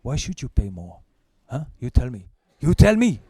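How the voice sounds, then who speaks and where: A man voicing a blunt, gruff male lawyer who talks in a brusque, insistent way, as part of a stand-up routine. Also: mid-range voice, animated, moderate pace, warm tone, dry recording, voice pushed down.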